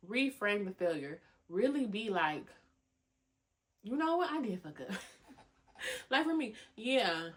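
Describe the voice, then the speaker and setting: A young woman hosting a podcast, giving animated motivational talk full of slang, cussing and laughter. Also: mid-range voice. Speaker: podcast host. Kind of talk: motivational casual talk to listeners.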